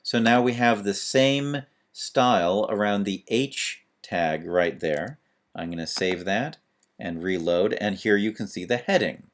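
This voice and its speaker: A man's voice: on the low side, a little slow. A man teaching a screencast lesson on web pages, talking through each step as he types, with fillers. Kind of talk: screencast tutorial.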